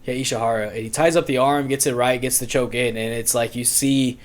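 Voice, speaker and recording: A man's voice: mid-range voice, steady tone, fairly quick. A man co-hosting a podcast, chatting loosely and swearing freely as he tells fight stories. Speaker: podcast co-host. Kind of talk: casual interview chat.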